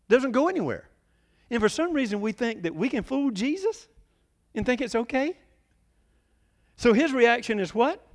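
A man preaching a sermon to a congregation, animated, leaping up in pitch when he voices the people he quotes. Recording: long reverb of a large hall.

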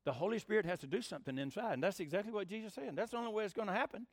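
A man's voice: high voice, rapid-fire, no echo, studio quality. A middle-aged man preaching a sermon in a folksy way, asking his listeners questions as he goes. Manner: folksy, animated, asks the room questions. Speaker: pastor.

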